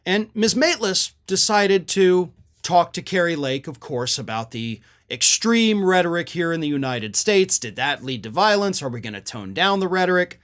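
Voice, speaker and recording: A man with a high voice hosts a political commentary show. He talks in an indignant, sarcastic way and quotes his opponents at length before picking them apart. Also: expressive, moderate pace, fairly bright tone.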